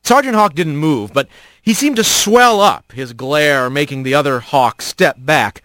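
A man reads a storybook aloud with a lively, rising-and-falling delivery. His voice sits a touch above the usual for a man, and the recording is close and dry. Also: on the high side, measured pace, no room sound. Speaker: narrator. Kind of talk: scripted narration.

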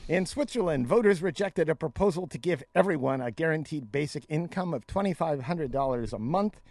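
A man's voice: a little high, expressive, brisk, a little mellow, dry recording. A man co-hosting a casual talk show, reading news items aloud and adding his own blunt opinions. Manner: reads news items then riffs with opinions. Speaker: news segment co-host.

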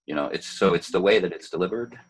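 An older man, a poet, talking in a relaxed interview, thoughtful and hesitant, with many fillers and restarts. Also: sits low, fast, husky, rough recording. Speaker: poet, former city poet laureate.

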